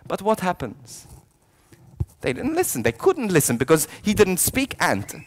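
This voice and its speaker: A priest telling a story in a youth sermon, swinging from soft lines to loud ones and often restarting his words. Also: sits high, a little slow, slight background noise. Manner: animated storyteller, jumping between hushed lines and loud shouted quotes; frequent restarts and repeated words.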